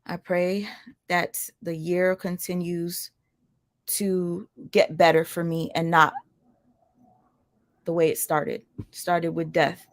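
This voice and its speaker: A woman's voice: lowish voice, level tone, slow, long pauses, dry recording, clean studio sound. A woman chatting casually to her livestream viewers, rambling through asides and greetings to viewers by name. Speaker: livestream commentator.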